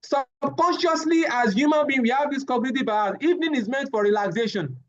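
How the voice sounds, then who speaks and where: A man, giving a live safety training lecture, animated and often repeating his words as he addresses the class. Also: extremely high pitch, a little fast, muffled recording.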